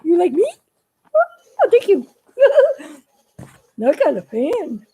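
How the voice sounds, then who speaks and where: A woman's voice: very high-pitched, wildly swooping pitch, extremely slow, dark tone, voice pushed up, heavily acted. Woman doing Billy Bob, a sweet bear puppet. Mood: bashful. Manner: sweet, eager for attention. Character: friendly shy male bear puppet.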